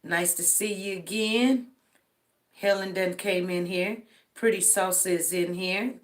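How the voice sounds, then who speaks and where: Her mid-range voice is unhurried. She's a middle-aged woman from Denver, tired, running a casual livestream roll call where she greets viewers by name with drawled, friendly shout-outs.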